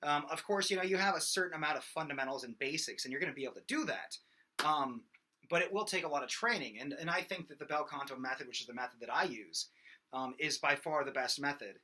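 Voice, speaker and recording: This vocal instructor is a young man who talks fast in a fairly high voice. His casual singing lesson wanders, packed with fillers and punctuated by loud sung demos.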